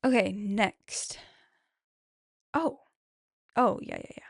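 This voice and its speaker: Slowly and chattily, a mom podcaster reads follower replies about motherhood on her own, warmly affirming each and often saying "I love that". Her medium-pitched voice is gravelly and creaky, its pitch swooping wildly. The recording is dry and close.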